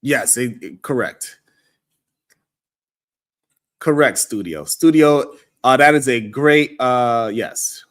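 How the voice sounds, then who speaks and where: A host of a live call-in stream who talks casually, reacts to viewer comments and mocks critics with exaggerated voices. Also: male voice, medium pitch, animated, slow pace, long pauses, fairly bright tone.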